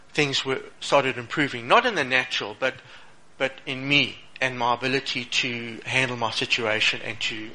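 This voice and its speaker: A middle-aged man speaks in a loose, conversational way, checking in with his listeners and often restarting his phrases. His voice has a bright, forward edge, and his pitch sits in an ordinary male middle range. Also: rough recording. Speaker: speaker sharing a personal testimony. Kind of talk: informal motivational talk.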